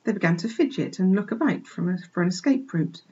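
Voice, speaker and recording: A woman teacher expressively reading a children's book aloud for a remote class, pausing to point out pictures, on a dull lo-fi recording. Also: on the low side, animated, a little mellow, husky. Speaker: primary school teacher. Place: home, remote lesson.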